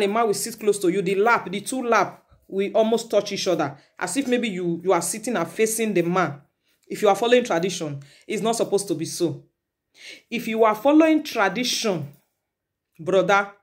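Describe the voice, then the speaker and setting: Nigerian woman vlogger, preachy and repetitive, mixes in Pidgin. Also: mid-range voice. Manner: lecturing, repetitive, slips into Pidgin. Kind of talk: preachy commentary vlog.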